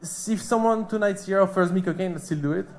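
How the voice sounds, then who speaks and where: A man's voice: sits high, fast. French man doing stand-up. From France. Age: 30s. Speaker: stand-up comedian. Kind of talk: stand-up comedy set. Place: comedy club stage.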